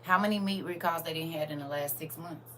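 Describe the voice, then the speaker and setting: A woman's voice: deep voice, fairly quick, a little hiss or hum. A woman, chatting casually to viewers on a livestream and talking straight to them. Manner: animated, talks straight to viewers. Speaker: livestream host.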